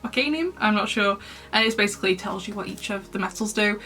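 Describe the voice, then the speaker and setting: A woman's voice: mid-range voice, level tone, fast talker, pushed and bright, faint music behind. A young woman chatting casually about books she read, giggling often and rambling with fillers. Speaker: book reviewer. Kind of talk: casual book review.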